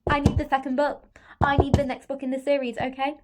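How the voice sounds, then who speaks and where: A woman's voice: high-pitched, level tone, brisk, background noise. A woman reviewing a book in a casual vlog, gushing and repetitive, tagging "okay?" onto her sentences.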